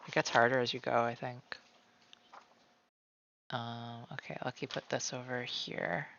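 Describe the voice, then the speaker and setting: Gravelly, bright-voiced man chatting on stream. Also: medium pitch, level tone, a little slow, dull audio, slight background noise. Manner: calls himself by name in the third person; rambling, many "like" fillers. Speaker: streamer drawing live. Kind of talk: casual chat while drawing. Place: at home, cat nearby.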